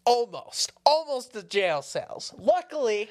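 A woman's voice: a little high, big pitch swings, takes it slowly, a little mellow. An American woman co-hosting a podcast in casual chat, rambling with many fillers, swearing freely and laughing often. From United States. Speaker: podcast co-host.

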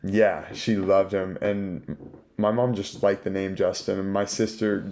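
A man's voice: sits low, flat delivery, measured pace, darkish tone, slight background noise. A young man hosting a casual podcast chat, laid-back and swearing freely, calling his guest bro. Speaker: podcast host.

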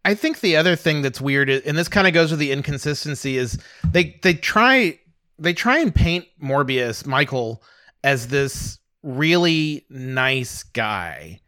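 A man co-hosting a movie podcast, giving a thoughtful, measured critique in casual conversation. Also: fairly high pitch, expressive, pushed and bright, no room sound, studio quality. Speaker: podcast co-host reviewing movies. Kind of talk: casual chat.

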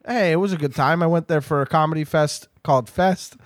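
High-voiced, animated male podcast host. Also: fast, no room sound. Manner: animated, rambling, jokey. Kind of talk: casual chat.

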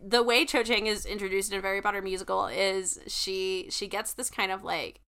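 A woman co-hosts a casual podcast chat with a bright, clear voice. She rambles, piling on filler words as she goes. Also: mid-range voice, steady tone, brisk. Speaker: podcast co-host.

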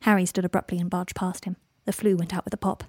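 A woman narrating a fan fiction story in an expressive reading voice. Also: on the low side, fast, breathy edge, no room sound, clean studio sound. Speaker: reader.

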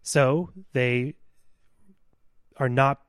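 Male podcast co-host, mid-pitch, earnest lecturer, dry close recording. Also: fairly even intonation, very slow, clear, resonant tone, no echo. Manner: earnest, lecturing with scientific detail. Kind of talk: explanatory podcast talk.

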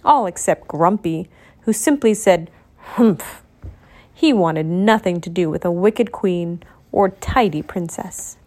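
A woman narrating a children's storybook in a clear, steady way. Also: lowish voice, a little slow.

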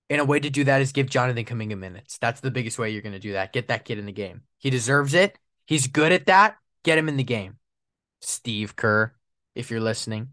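Recorded dry with clean studio sound, a man with a medium-pitched voice hosts a solo sports podcast. He vents his frustration, complaining animatedly and repeating his points.

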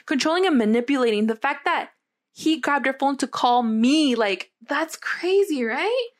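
A young woman telling a story in casual chat, animated and swearing freely, often checking in with her listener. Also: sits high, moderate pace.

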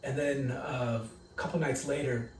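A young man co-hosting a podcast, telling crude, animated stories in a casual chat. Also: medium pitch, measured pace, a little hiss or hum. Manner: profane, animated storytelling with bursts of loud impressions. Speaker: podcast co-host. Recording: echoey room, mic at a distance.

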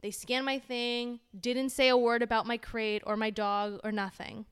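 A woman's voice: on the high side, level tone, moderate pace, clean tone. A young woman co-hosting a casual chat, telling a story with lots of acted-out quotes and casual swearing. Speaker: podcast co-host.

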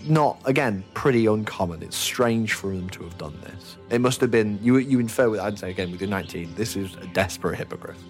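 A man's voice: fairly low pitch, brisk, hardly any pauses, soft background music. A man narrating as game master in an easygoing, hesitant manner. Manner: easygoing, hesitant, many fillers and restarts.

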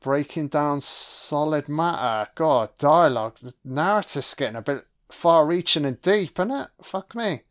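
A man giving an audio-only film commentary, reacting with profane, excitable remarks. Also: on the high side, a little slow, few pauses.

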